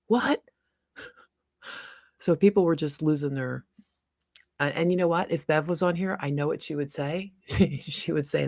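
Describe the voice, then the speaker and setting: Low gravelly woman chatting on a livestream. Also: a little mellow, no room sound, clean studio sound. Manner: chatty, laughs often, rambling asides. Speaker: livestream host. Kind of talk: casual livestream chat.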